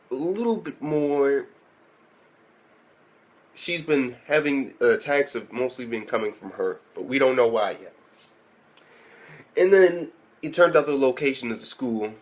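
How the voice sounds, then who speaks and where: A man's voice: mid-range voice, expressive, slow pace, long pauses. A man recapping an anime episode in a casual, profane way, often incredulous and laughing as he retells it. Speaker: anime reviewer.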